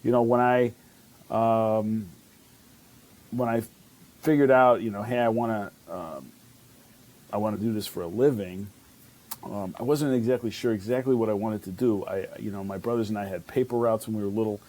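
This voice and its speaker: A man's voice: lowish voice, steady tone, moderate pace, pauses often, darkish tone. A man, a chef telling stories in an interview, rambling with fillers and restarts. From Chicago. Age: 50s. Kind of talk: casual interview storytelling.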